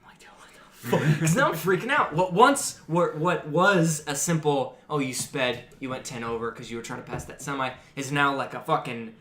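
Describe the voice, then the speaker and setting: Animated young man telling a story. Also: a little high, normal speed, few pauses, slight background noise. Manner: animated, swearing, acts out quotes. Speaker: podcast host. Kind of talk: casual storytelling among friends. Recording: roomy echo.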